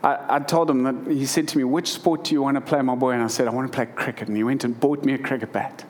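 A man's voice: mid-range voice, fairly even intonation, fast, a little hiss or hum. A man in his thirties preaching a sermon, reading scripture and then telling a personal story earnestly, with emotion and frequent restarts. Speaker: pastor.

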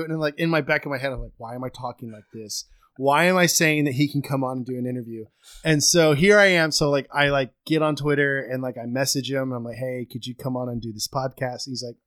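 A man's voice: mid-range voice, fairly quick, fairly bright tone. A man co-hosting a podcast in casual chat, rambling and self-deprecating with lots of fillers, on a home microphone over a remote call. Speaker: podcast co-host.

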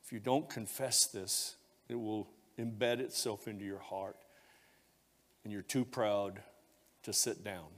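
A man's voice: on the low side, steady tone, takes it slowly. A male pastor preaching a sermon, telling a personal confession in an emotional, heartfelt way. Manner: emotional confessional storytelling, voice rising when moved. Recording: long hall reverb.

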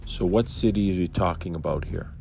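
A man's voice: low voice, a little fast, vocal fry, darkish tone, soft background music. A man giving a casual Bible commentary, musing and thinking aloud as he questions himself. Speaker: Bible study teacher.

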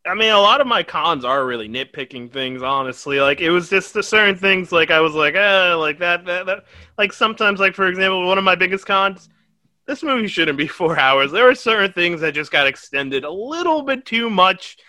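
A man's voice: sits high, expressive, brisk, pushed and bright, dry recording. A young man hosting a podcast, reviewing a movie in casual, rambling chat that is full of swearing and laughter. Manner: rambling, profane, laughs often. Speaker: podcast host.

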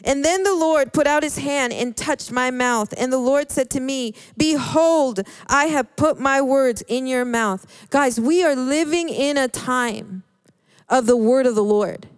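A woman preaching a sermon in an earnest, halting way, often restarting her words. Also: high-pitched, clean tone, dry recording. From Hispanic background.

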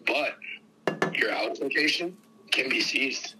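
A young man in a heated, profane casual rant, agitated and swinging between loud outbursts and hushed mutters. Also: medium pitch, animated, slow, noisy background.

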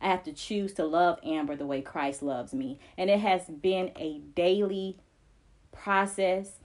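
A woman's voice: on the low side, a little slow. A woman co-hosting a faith podcast, speaking earnestly and emphatically, with repeated phrases that build like preaching. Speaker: podcast co-host.

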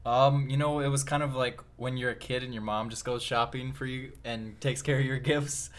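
A man's voice: mid-range voice, steady tone, moderate pace. A young man co-hosting a podcast in casual chat, teasing with dry humor and chuckling at his own jokes. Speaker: podcast co-host.

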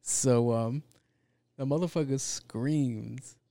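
Warm and medium in pitch, this man's voice moves slowly as he rants in a casual, comic way. His talk is rambling and profane, stuffed with fillers, and the recording carries no room sound.

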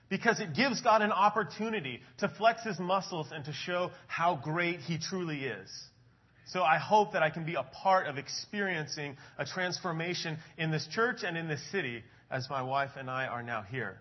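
Husky-voiced male pastor, dull recording. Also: a little high. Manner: chatty storytelling, frequent um and uh. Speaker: adult ministries pastor. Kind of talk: casual sermon talk to a congregation.

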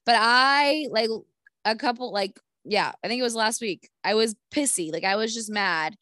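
A woman's voice: fairly high pitch, normal speed, pushed and bright, dry recording. A young woman co-hosting a podcast in casual chat, chatty and swearing casually. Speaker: podcast co-host.

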